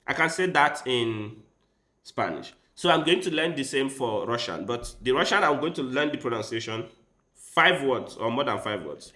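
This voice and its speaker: Chatty man with a bright voice. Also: medium pitch, lively intonation, moderate pace. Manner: rambling, chatty, talks straight to his viewers. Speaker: chess streamer. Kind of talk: casual livestream chat. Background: faint background music.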